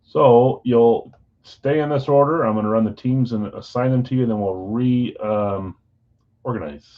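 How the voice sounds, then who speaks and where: A man hosting a live sports card break stream, chatting casually with viewers and reading out team assignments in a relaxed way. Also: medium pitch, moderate pace, dull audio. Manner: relaxed, chatty, talks straight to viewers by name.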